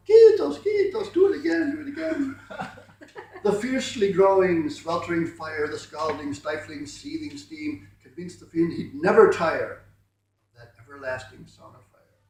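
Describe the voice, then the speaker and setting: Guy reading rhymy poems at a poetry night, kinda high voice, chatty asides, lots of echo. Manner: chatty, modest asides between rhyming lines. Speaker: poetry reader. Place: room at a poetry night event. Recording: very echoey room, mic far off.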